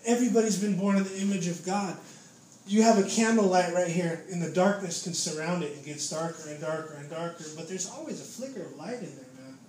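Young man, high voice, fervent casual preaching, says "man" and "dude" a lot, very echoey room, faint background noise. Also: a little fast, a little mellow. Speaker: lay preacher giving testimony.

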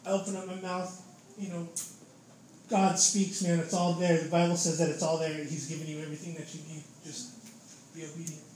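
In a very echoey room with faint noise, a young man with a fairly high, darkish voice talks briskly and with little pitch movement. His casual preaching testimony is fervent and informal, filled with "man" and "dude."

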